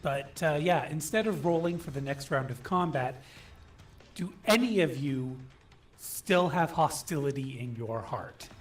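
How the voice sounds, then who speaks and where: Man running a tabletop game, higher voice. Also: animated, soft background music. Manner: casual, halting narration with fillers. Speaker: game master.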